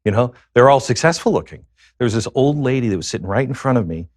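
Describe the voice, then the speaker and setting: A man being interviewed as a guest, telling a confessional personal story in a halting way, with many pauses and fillers. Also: mid-range voice, expressive, no echo, studio quality.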